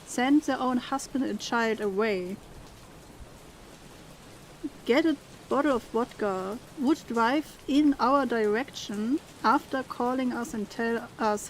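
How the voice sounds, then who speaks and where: A woman's voice: on the high side, slow pace, a little hiss or hum. A young woman who streams games, reading the characters' dialogue aloud with feeling and chatting casually with her viewers. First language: German. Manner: reads dialogue expressively, then chats casually.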